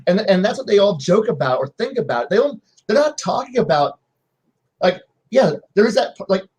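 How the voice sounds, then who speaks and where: High-voiced man telling table stories. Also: moderate pace, breathy edge. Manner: animated anecdotes with many restarts and acted-out quotes. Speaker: game referee panelist. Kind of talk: casual panel chat, storytelling.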